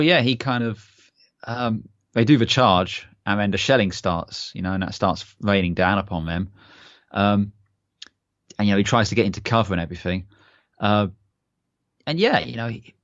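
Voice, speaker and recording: Young male podcast co-host, low-ish voice, eager rambling chat, dry dull lo-fi mic. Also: lively intonation, moderate pace, fairly bright tone, no room sound. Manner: enthusiastic, rambling with many fillers. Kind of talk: casual chat.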